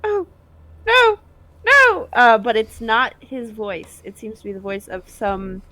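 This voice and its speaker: A woman narrating as game master of a tabletop game, halting with frequent fillers. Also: mid-range voice, fairly even intonation, a bit bright.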